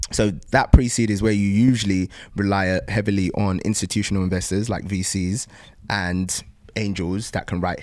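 Low-voiced man, thoughtful founder. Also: a little mellow, no room sound, clean studio sound. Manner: thoughtful, frequent um pauses and restarts. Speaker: startup founder. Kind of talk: casual interview conversation.

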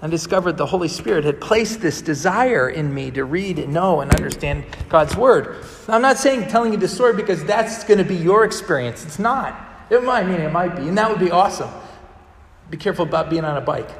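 A man's voice: high voice, expressive, a little fast, big-room sound, a little hiss or hum. A male pastor delivering a sermon in a conversational storytelling manner, acting out the people he quotes. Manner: conversational storytelling, vividly acts out quoted dialogue.

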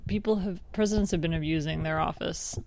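A woman's voice: low voice, a little fast, a little mellow. A young adult woman co-hosting a podcast, chatting casually and playfully, often breaking into laughter. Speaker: podcast co-host. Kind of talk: casual chat.

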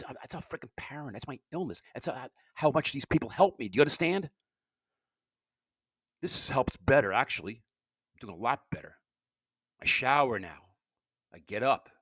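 A middle-aged man talks through a loose, confessional podcast monologue. His pitch swings widely as he stammers and doubles back on his words. The recording is dry and close. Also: sharp tone, dry recording. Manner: stammering, repeats words, candid and blunt. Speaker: podcast host and comedian.

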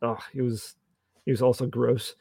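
A man's voice: mid-range voice, flat delivery, normal speed, gravelly, dark tone, slightly rough, no room sound. A man co-hosting a podcast, chatting casually about a TV episode, chatty and laughing often as he acts out lines from scenes. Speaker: podcast co-host. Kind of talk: casual chat reviewing a TV episode.

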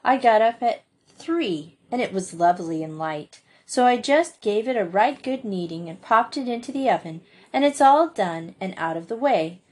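A woman's voice: mid-range voice, expressive, moderate pace, few pauses, lightly acted. This is a dreamy young girl from a storybook, dramatic and plaintive in her speech, played by a woman reading aloud. Her voice lifts slightly above the narration. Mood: proud. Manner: wistful, plaintive. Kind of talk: audiobook reading.

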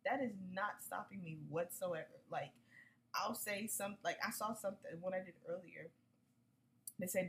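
A woman's voice: fairly low pitch, normal speed, a bit bright, a little hiss or hum, rough recording. A woman hosting a casual solo podcast, chatty and upbeat, using slang and talking straight to her listeners. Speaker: podcast host.

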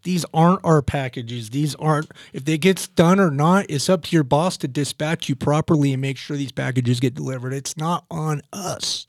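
A man with a fairly high voice tells a workplace anecdote briskly in casual talk. The recording is dry and close, with no room sound. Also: no room sound. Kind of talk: casual storytelling chat.

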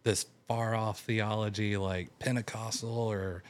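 Animated young man telling his story. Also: fairly low pitch, unhurried. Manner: animated, acts out quotes in raised voice. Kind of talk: casual storytelling.

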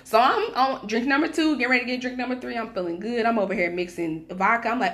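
A young woman telling a wild night-out story in casual podcast chat, animated and profane, acting out the people she quotes. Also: on the high side, quick pace, few pauses. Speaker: podcast co-host.

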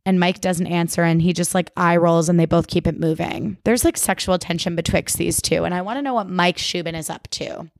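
A woman's voice: on the low side, fairly even intonation, brisk, hardly any pauses, dry recording, studio quality. A woman hosting a podcast, recapping a TV episode in casual chat, swearing freely and saying "like" a lot. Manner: chatty, swears freely, lots of "like". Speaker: podcast host.

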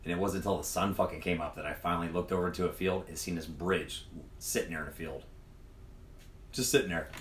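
A man's voice: low voice, fairly even intonation, fast, a little hiss or hum. Profane man telling a rambling story. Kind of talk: casual chat. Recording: echoey room, mic far off.

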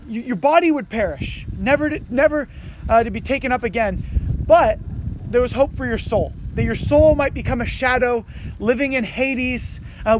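A man preaching a sermon outdoors, reading scripture and then talking to the congregation in a conversational, animated way. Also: very high voice, slight background noise. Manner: conversational, animated preaching with frequent "you know" and "right". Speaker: pastor. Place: outdoors under tents on a windy morning.

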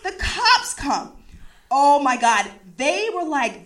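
This East Coast US woman takes her time, speaking slowly in a high voice as she tells a story from her own life. She's casual and spirited, laughing frequently and swearing with ease.

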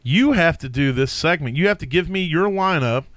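A man's voice: on the high side, lively intonation, normal speed, fairly bright tone, no room sound. A man co-hosting a casual podcast chat, talking hesitantly with frequent restarts and laughter. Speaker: podcast co-host. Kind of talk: casual fantasy sports chat.

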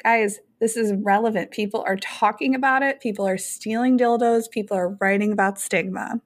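A woman co-hosting a podcast in casual chat, animated and joking, with frequent swearing. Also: mid-range voice, normal speed. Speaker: podcast co-host.

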